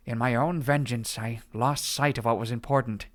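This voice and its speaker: A man voicing a regretful old male sage who is gruff and vengeful, with a low, weary, remorseful delivery. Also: fairly even intonation, moderate pace, no room sound, close to an everyday voice.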